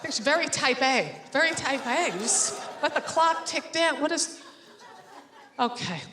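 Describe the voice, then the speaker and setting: A woman doing a stand-up comedy set on stage, sarcastic, acting out quick bits of dialogue in front of a laughing audience. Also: high voice, expressive, roomy sound, noisy background.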